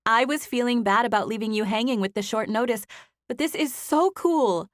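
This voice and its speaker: Woman voicing an eager, chatty friend in an audiobook, raised and bright. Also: on the high side, normal speed, no echo, studio quality, voice pushed up, close to an everyday voice. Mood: excited. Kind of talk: audiobook character voice.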